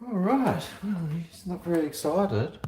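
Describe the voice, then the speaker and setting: Man, Australian accent, livestream host, chatty and rambling, echoey room. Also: a little slow. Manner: rambling, chatty, jokey asides, talks to his dog in a high excited voice. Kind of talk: casual livestream chat. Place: house, indoors and on a balcony. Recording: echoey room with faint background noise.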